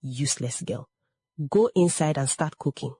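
A woman's voice: low voice, moderate pace, warm tone, breathy edge, no echo. A woman voicing a bitter, harsh village mother who scolds sharply. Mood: scolding.

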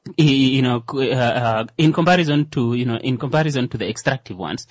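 A man talks through a casual radio discussion, stopping and restarting often and filling the gaps with fillers. His voice is husky and a little rough. The sound is dry and close, with no room around it. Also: mid-range voice, quick pace, dry recording. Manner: hesitant, many fillers and restarts. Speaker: co-host.

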